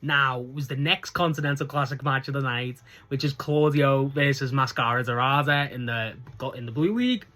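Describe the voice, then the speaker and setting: A man's voice: medium pitch, moderate pace, few pauses, sharp tone. A man giving a casual solo review recap, chatty and rambling, gushing enthusiastically and laughing as he goes. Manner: enthusiastic, gushing about favourites. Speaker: wrestling show reviewer.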